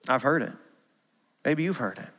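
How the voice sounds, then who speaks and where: A man in his thirties preaching a sermon, earnest and repetitive, moving from hushed tenderness to emphatic declarations. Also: mid-range voice, lively intonation, moderate pace. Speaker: pastor. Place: church sanctuary. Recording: long hall reverb.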